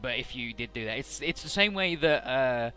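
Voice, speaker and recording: A man's voice: medium pitch, lively intonation, normal speed, sharp tone, smooth, soft background music. A man casually narrating and recapping a video game story, rambling and swearing now and then. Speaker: let's play host.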